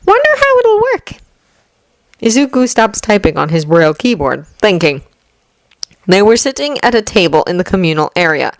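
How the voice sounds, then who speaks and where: Expressive woman reading a fanfic. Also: on the low side, brisk, no room sound. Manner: expressive storytelling. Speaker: narrator.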